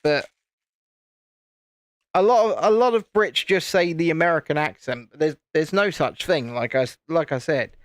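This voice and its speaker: A British man chats casually as he hosts a live stream, his talk meandering with many restarts. His voice sits a little higher than most men's, and the sound is dry and close. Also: normal speed, no room sound. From United Kingdom. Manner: rambling, chatty, frequent restarts. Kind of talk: casual live-stream chat while building.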